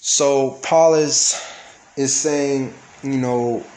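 A man's voice: mid-range voice, fairly even intonation, drawn-out words, darkish tone. A man teaching a casual Bible study, reading verses aloud and explaining them, often checking in with his listeners. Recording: echoey room with faint background noise.

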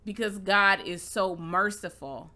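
A woman's voice: mid-range voice, unhurried, sharp tone. A woman in a casual faith conversation, reasoning aloud and insisting on being heard.

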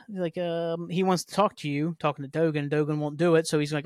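Guy rambling thru a show recap, kinda high voice, dry close sound. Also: steady tone, quick pace, few pauses, no room sound. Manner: rambling, filler-heavy storytelling. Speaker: podcast host. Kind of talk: casual chat recapping a TV episode.

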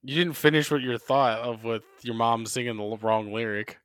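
A man's voice: mid-range voice, normal speed, a bit bright, no echo, clean studio sound. A man co-hosting a podcast, telling rambling stories in a casual chat and swearing freely. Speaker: podcast co-host.

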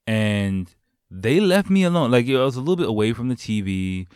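A man's voice: mid-range voice, animated, fairly quick, a little mellow, smooth, dry recording, studio quality. A man frankly recounting a personal story in a reflective, casual manner, swearing now and then.

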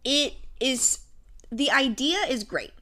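Bright, lively young woman co-host. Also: slow pace. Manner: animated, laughs often, jumps into high squeals when amused. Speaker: podcast co-host. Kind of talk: casual chat recapping a sitcom.

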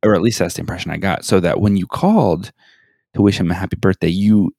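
A young man co-hosting a podcast in casual chat, speaking in a halting, self-conscious way with many restarts. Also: low-pitched, gravelly, warm tone, dry recording, studio quality. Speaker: podcast co-host.

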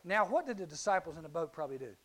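Middle-aged male youth speaker with a high voice, animated Bible storytelling. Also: rapid-fire. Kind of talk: youth sermon.

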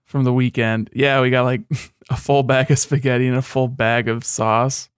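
A young man co-hosting a podcast, trading dry, wry jokes in relaxed chat. His voice sits at an ordinary pitch for a man and sounds dry and close. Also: normal speed, clear, resonant tone, no room sound. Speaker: podcast co-host. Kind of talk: casual chat.

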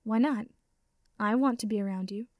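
A woman's voice: on the high side, normal speed, no echo, lightly acted. Sincere lovestruck young wizard guy, woman reading, dry sound. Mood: earnest. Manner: sincere, pleading. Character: earnest young wizard man, open and affectionate.

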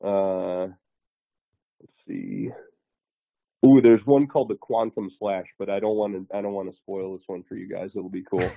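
A man's voice: sits low, expressive, normal speed, creaky, long pauses, no room sound. A man co-hosting a podcast in casual chat, rambling through his stories. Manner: rambling, many fillers and restarts. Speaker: podcast co-host. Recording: tinny phone-like line, dry.

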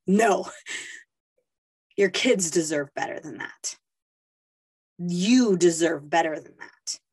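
A young woman hosting a talk, speaking to mothers in a casual motivational monologue, earnest and pleading, acting out quoted inner voices. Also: medium pitch. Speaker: podcast host speaking to mothers.

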